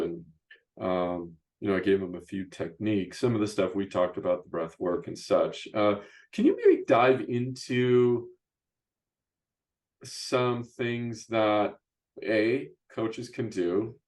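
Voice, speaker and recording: Middle-aged guy hosting a chat show, lowish voice, keeps restarting and tossing in "right?". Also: expressive, slow, a little mellow. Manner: rambling, frequent restarts and "you know, right?" tags. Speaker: podcast host and youth basketball coach. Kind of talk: casual interview chat.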